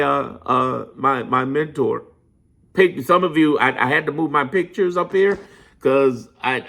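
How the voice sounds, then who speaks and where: A man's voice: mid-range voice, vocal fry, a bit bright. A man giving an impassioned, profane political monologue, repeating lines for emphasis and preaching motivation. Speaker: political commentator.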